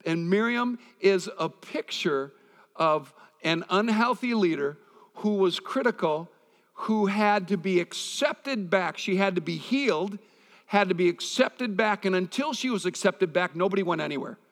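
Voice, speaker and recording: A male pastor delivers a sermon in a relaxed, conversational way, weaving scripture together with stories from his own life. His voice sits a little higher than most men's, and a long reverb trails behind him as if he were speaking in a large hall. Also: measured pace. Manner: conversational preaching with personal stories.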